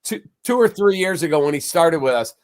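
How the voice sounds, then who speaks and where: A man guesting on a casual sports podcast, telling stories in a lively, anecdotal way. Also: a little high, brisk. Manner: animated anecdotal storyteller.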